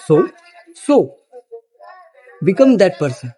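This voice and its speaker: A man's voice: sits high, animated, takes it slowly, long pauses, darkish tone. A man giving a blunt, profane motivational monologue, repeating phrases for emphasis. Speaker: motivational speaker.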